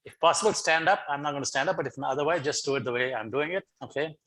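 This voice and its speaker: A middle-aged man speaks over a video call with a bright, sharp tone sitting a little high for a man. He coaxes his listeners along, repeating words as he starts his sentences. His style is animated and encouraging, like a guest speaker leading teachers. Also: racing, rough recording. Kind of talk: online lecture leading laughter exercises.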